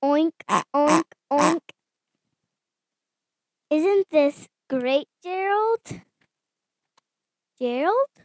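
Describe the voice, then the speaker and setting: A woman voicing an excitable, cheerful female pig from a picture book in a slow, eager, sing-song reading. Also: sits high, no room sound, full character voice. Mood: excited.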